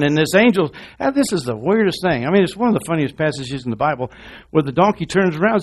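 A man preaching a sermon, talking straight to the congregation in an animated way, dropping to a hush and then rising loud, with quick asides to the crowd. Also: fairly high pitch, breathy edge. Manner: animated, swinging from hushed to loud.

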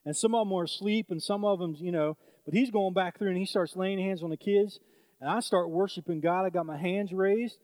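Preacher, male, high-pitched, chatty storytelling sermon, dry close sound. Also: fairly quick, darkish tone, no room sound. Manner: conversational, with many fillers and restarts.

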